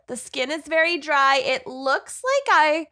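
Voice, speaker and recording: A woman's voice: sits high, unhurried. A woman co-hosting a podcast, chatting casually with lots of laughter, from Minnesota. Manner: giggly, animated banter. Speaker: podcast co-host. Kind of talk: casual chat.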